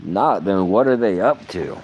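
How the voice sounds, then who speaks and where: Brief: low-pitched man, profane rambling vlogger, muttering then flaring up. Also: expressive, measured pace, highs cut off, a little hiss or hum. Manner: profane, rambling, swings between muttering and outbursts. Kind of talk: rambling vlog monologue.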